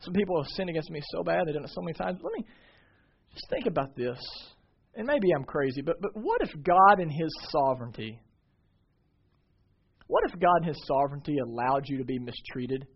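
A man in his thirties preaching from the pulpit, his fairly high voice climbing to loud, emphatic peaks before dropping to a hushed, confiding tone. The recording is dull and lo-fi. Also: very animated, fairly quick, vocal fry, husky. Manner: swings from shouted emphasis to quiet confiding. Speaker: pastor. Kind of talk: sermon. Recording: dull lo-fi sermon audio.

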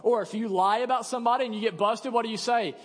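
A man's voice: very high voice, quick pace. A young man preaching a sermon as a pastor, talking conversationally and acting out quoted voices. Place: church sanctuary. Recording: long church reverb.

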